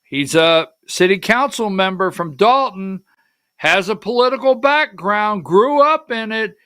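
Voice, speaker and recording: A man's voice: sits high, lively intonation, unhurried, sharp tone, clean tone. A middle-aged man hosting a political livestream talk show. He talks in a rambling, emotional way and calls to the producer for slides.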